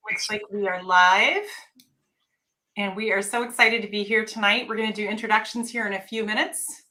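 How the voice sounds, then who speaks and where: A woman's voice: mid-range voice, fairly even intonation, normal speed, sharp tone. A middle-aged woman from North Carolina hosting a live stream, upbeat and greeting viewers by name in casual chat.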